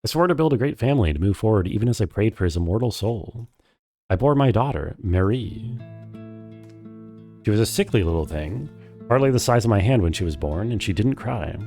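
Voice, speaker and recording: A man's voice: on the low side, lively intonation, a little fast, soft background music. A man reading as a grieving widowed nurse. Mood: sorrowful. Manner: quiet, sorrowful storytelling.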